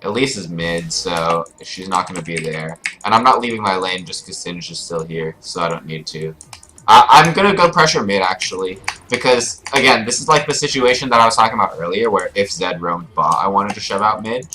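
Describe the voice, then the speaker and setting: A man's voice: low-pitched, expressive, fairly quick, noisy background. A young man giving casual live commentary over his own gameplay as a streamer, explaining his choices with frequent fillers. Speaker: gaming streamer. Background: keyboard clicks and typing.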